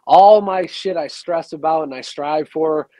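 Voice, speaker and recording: Man, podcast host, laid-back and reflective, swears casually, slightly high voice, dry mic. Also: a little slow, no room sound. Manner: relaxed, reflective, profane. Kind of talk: casual conversation.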